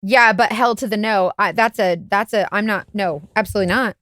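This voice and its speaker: Brisk and dry, this studio-quality recording features a woman who co-hosts a podcast and works as a private investigator. Chatting casually, she tells a story with animation, voicing the quotes through sharp jumps in pitch.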